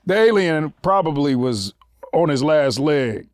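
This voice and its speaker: A man co-hosting a podcast, cracking loud, profane jokes in casual chat. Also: on the high side, very animated, measured pace, dry recording, studio quality. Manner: loud, profane joking banter. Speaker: podcast co-host.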